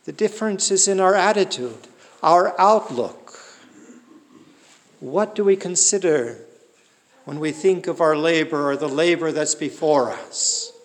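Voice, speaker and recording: A man's voice: a little high, a little slow, long reverb tail. A man preaching a sermon in an earnest way, asking the listeners rhetorical questions.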